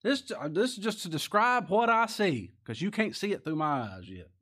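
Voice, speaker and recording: A man delivers a sermon. His voice sits a little high and leaps up and down as he reads scripture and presses his points with rising emphasis. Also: normal speed. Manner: animated preaching, reading scripture aloud with rising emphasis. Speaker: pastor.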